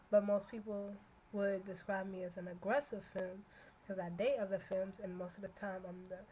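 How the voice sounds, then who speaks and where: A young woman rambling casually to her camera in a vlog, blunt and loaded with curses. Her voice sits at an ordinary middle pitch. A faint hiss lingers behind her. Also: darkish tone, highs cut off. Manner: blunt, profane, ranting. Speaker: vlogger.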